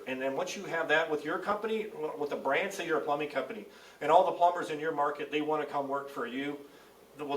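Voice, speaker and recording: Fast-talking middle-aged man, roomy distance. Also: a little high. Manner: animated storyteller acting out dialogue. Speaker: CEO guest. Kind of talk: casual podcast conversation. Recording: roomy, distant mic with faint ambience.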